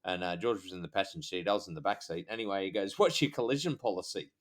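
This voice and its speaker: An Australian man, a police officer co-hosting a podcast, telling stories in a halting way full of fillers. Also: sits low, steady tone. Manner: halting, filler-heavy storytelling. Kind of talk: casual chat.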